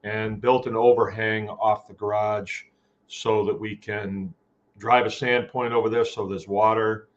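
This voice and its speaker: Slow, folksy man hosting a farm chat. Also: on the low side, little pitch movement, dull audio. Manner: folksy and rambling, greets viewers by name. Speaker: host of a farming live chat. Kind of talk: casual live-stream chat. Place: home farm.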